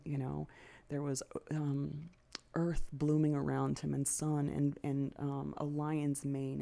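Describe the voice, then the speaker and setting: Gravelly-voiced woman telling a frank story. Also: low voice, dark tone. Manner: frank and profane, acts out her own past thoughts. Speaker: podcast host. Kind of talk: candid personal storytelling.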